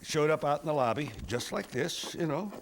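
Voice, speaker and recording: An older male TV weatherman tells a funny story from the studio. His voice is gravelly and a bit high for a man, and his delivery is wry and chuckling. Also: animated, moderate pace, a little hiss or hum. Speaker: TV weatherman and host. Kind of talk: humorous anecdote storytelling.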